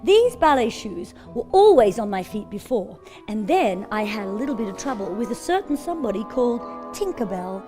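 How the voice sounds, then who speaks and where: A woman with a high, bright voice tells a fairy tale to young children, sing-song and animated. She talks straight to the kids watching at home. Soft music plays faintly behind her. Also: normal speed, hardly any pauses. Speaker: children's TV presenter in a fairy character. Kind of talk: storytelling to children.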